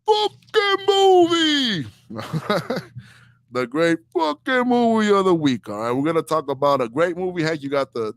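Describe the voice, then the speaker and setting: A man's voice: a little high, no echo, studio quality. Heated, slangy male podcast host. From Inglewood, Los Angeles. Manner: heated and slangy, peppering lines with "dog". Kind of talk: opinionated comedic rant.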